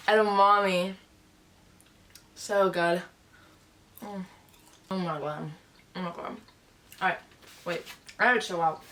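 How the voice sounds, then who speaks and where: A woman YouTuber chatting excitedly in a casual vlog while eating on her bed at home. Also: medium pitch, background noise.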